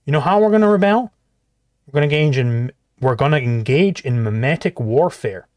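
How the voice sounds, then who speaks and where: A man's voice: medium pitch, animated, a little fast, darkish tone, no echo. A man hosting a livestream reaction, ranting in a heated, profane and rhetorical way. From outside the US. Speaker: livestream host reacting to a clip.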